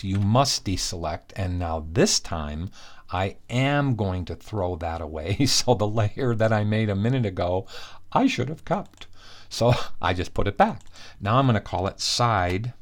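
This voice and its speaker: A man teaching a software tutorial step by step, asking the viewer questions and correcting himself as he goes. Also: low voice. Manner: talks through each step, asks the viewer questions, self-correcting. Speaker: software instructor. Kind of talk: screen-recorded software tutorial.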